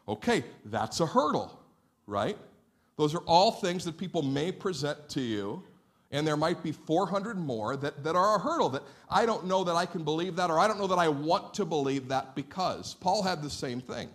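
A man preaching a sermon as a pastor, in a lively, conversational way that plays out what listeners might say. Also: fairly high pitch, moderate pace. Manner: animated, conversational preaching with mock-quoted listeners. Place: church sanctuary.

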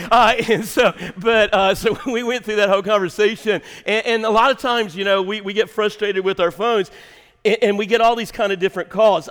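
Male preacher, folksy and dramatic, recorded in a sanctuary with long reverb. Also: high voice. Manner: swings from shouting to hushed whispers; folksy storytelling with fillers and laughter. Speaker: pastor. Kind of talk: sermon. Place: large church sanctuary.

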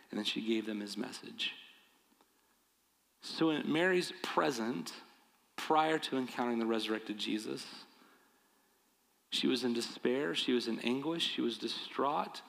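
Man, pastor, sermon, earnest, emphatic repeated appeals, gravelly voice, long church reverb. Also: mid-range voice.

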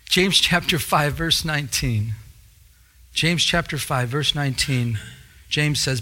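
Male pastor, sermon delivery, fervent and repetitive, bright tone. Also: fairly high pitch, slow pace. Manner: fervent, repeats phrases for emphasis. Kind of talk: preached sermon.

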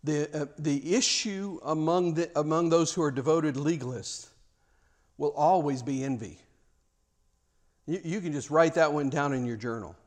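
Preacher guy giving a sermon, kinda high voice, keeps repeating himself, asks the crowd questions. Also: normal speed. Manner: emphatic, repeats words, rhetorical questions.

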